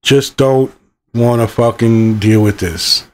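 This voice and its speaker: A man's voice: medium pitch, fairly even intonation, slow, a little mellow. A middle-aged man ranting angrily about a movie, swearing constantly and rambling from point to point. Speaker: channel host reviewing a movie. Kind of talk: profane ranting movie review.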